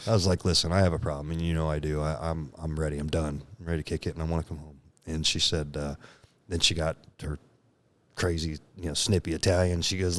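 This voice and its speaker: A man's voice: a bass voice, flat delivery, quick pace, no room sound. A man in his thirties, a podcast guest, telling a candid personal story in casual talk, laughing often and acting out the lines he quotes.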